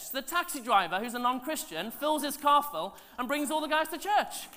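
Male pastor, lively sermon storyteller, loud then hushed, chatty asides. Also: extremely high pitch, normal speed. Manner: animated, swings between loud and hushed.

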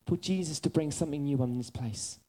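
A man preaching a sermon, telling funny stories about himself and then easing into soft, earnest appeals. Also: fairly high pitch, a little fast. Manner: animated storytelling, drifting into soft earnest appeals.

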